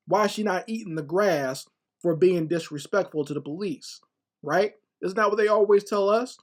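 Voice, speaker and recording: A man's voice: sits high, fairly bright tone. A man giving casual reaction commentary on a video, sarcastic and full of rhetorical questions, often repeating words as he goes.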